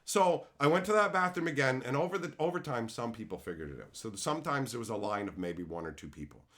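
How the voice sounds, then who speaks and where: A man hosting a live stream, telling a story to his chat in a profane, exasperated, animated way and reading out viewer comments. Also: medium pitch, fast. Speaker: livestream host.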